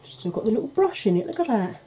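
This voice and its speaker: A woman hosting a beauty channel, chatting casually and rambling softly while she declutters her makeup, with self-deprecating asides. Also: fairly high pitch, very animated, fast talker, a little hiss or hum, low-quality recording. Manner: soft, quiet delivery.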